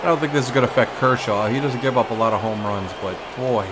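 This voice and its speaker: A man's voice: mid-range voice, quick pace, heavy background noise. A man with a New York accent giving casual, wry commentary while playing a baseball video game. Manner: chatty, wry, reacts to the game as it goes. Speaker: gamer playing a baseball franchise. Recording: game music playing behind.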